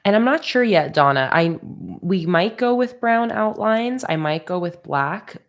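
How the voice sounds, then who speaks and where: A woman's voice: medium pitch, expressive, a little slow. A woman livestreaming as she designs stickers, chatting casually and reading viewer comments aloud with easy laughs. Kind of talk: casual livestream chat while drawing.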